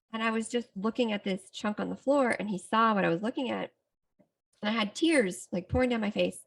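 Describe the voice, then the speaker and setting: A woman's voice: on the high side, animated, fairly quick, vocal fry. A middle-aged woman, a psychotherapist hosting a self-help podcast, telling a personal story in a candid, reflective way. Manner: candid, reflective, talks through a story with restarts.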